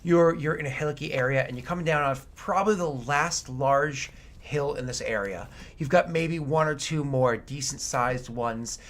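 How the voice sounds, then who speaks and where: A man's voice: on the high side, normal speed, few pauses, a bit bright. A man running a tabletop game as game master, narrating in an easygoing, meandering way.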